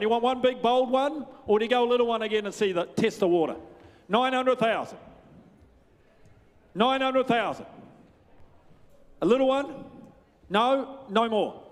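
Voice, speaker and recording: Auctioneer, male, New Zealand accent: high, clear voice, rapid chant, big reverberant sales hall. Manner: fast rhythmic bid calling with banter to bidders. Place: large sales ring.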